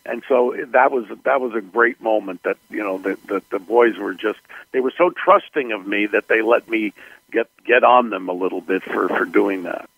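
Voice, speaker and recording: An older man, a film director, telling stories about his films in an interview, unhurried and full of fillers. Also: lowish voice, no room sound, phone-quality sound. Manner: gravelly, unhurried storytelling with fillers. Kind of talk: interview recollections.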